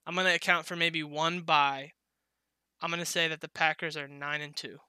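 A man's voice: fairly high pitch, level tone, moderate pace, sharp tone, smooth, no echo. A young man chatting casually on a podcast, laughing often and swearing freely as he rambles.

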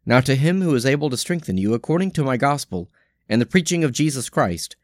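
A man reading daily scripture lessons and prayers in a measured, solemn way. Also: medium pitch, lively intonation, no echo, studio quality. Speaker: scripture reader.

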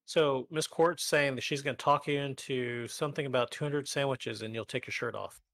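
A man's voice: mid-range voice, fairly even intonation, normal speed, fairly bright tone, dry recording, studio quality. A man co-hosting a live stream talk show, bantering with jokes at his own expense. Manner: joking, self-deprecating banter. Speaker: podcast co-host. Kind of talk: casual chat.

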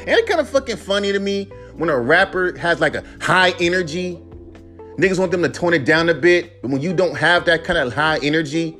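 A young man, a rapper hosting his own podcast, ranting alone with heavy profanity and mocking imitations of his critics. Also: a little high. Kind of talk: solo podcast rant.

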